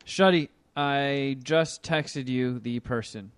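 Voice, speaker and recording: A man's voice: medium pitch, takes it slowly, clean tone, no echo. A young man co-hosting a podcast, chatting loosely and swearing freely. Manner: loose, profane, reads listener emails. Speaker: podcast co-host. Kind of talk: casual chat.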